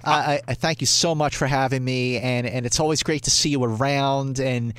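A man as a podcast guest, gushing and excitable, often stammering and repeating himself. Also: mid-range voice, brisk, smooth, no room sound. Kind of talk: casual chat.

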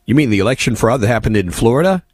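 A man's voice: mid-range voice, lively intonation, rapid-fire, darkish tone, slightly rough, dry recording. A man hosting a talk radio show, reading listener texts aloud and answering them with sardonic, exasperated commentary.

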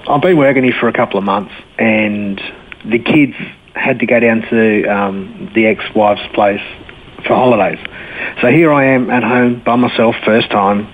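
A man, giving a blunt, earthy personal testimony in casual conversation. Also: lowish voice. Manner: blunt, earthy storytelling with slang. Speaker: interview guest. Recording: phone line with faint noise.

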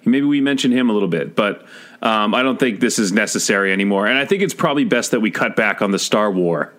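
A man's voice: on the low side, expressive, quick pace, a bit bright. A man co-hosting a casual pop-culture podcast, giving dry, grumbling opinions. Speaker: podcast co-host.

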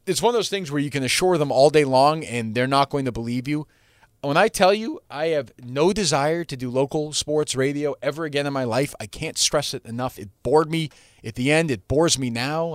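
A man hosts his own podcast as a loose solo monologue, circling back and restarting sentences. He's blunt and sometimes profane. His middle-pitched voice is a bit bright, and the recording is dry and close.

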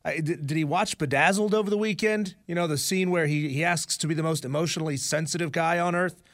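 A man's voice: on the high side, fast talker, a bit bright, dry recording. Wisecracking male radio co-host. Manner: wisecracking, storytelling. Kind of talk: sports talk radio.

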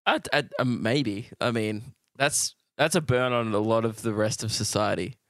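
A man's voice: lowish voice, normal speed, a bit bright, no echo, clean studio sound. A young Australian man co-hosting a casual chat, blunt and teasing. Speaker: podcast co-host.

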